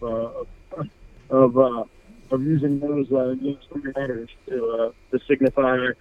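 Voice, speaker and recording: A man's voice: mid-range voice, no echo, phone-quality sound. A man, co-founder of a fishing apparel brand, talking casually in a radio interview, rambling with many fillers and restarts.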